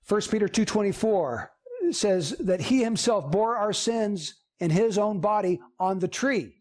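A man's voice: high voice, a little slow, a little mellow. A man preaching a sermon as pastor, earnest and emphatic, with repeated phrases.

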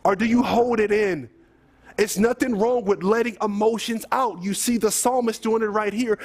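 High-pitched male preacher, earnest and urging, delivering a scripture sermon. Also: normal speed. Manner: earnest, exhorting, addresses listeners as saints.

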